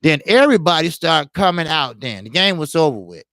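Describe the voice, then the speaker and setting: A man's voice: a little high, very animated, fairly quick, bright, forceful tone, dry recording, clean studio sound. Man rambling through a street story. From Chicago, USA. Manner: rambling, heavy on "you know" and profanity. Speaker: boxing channel host. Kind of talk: casual storytelling.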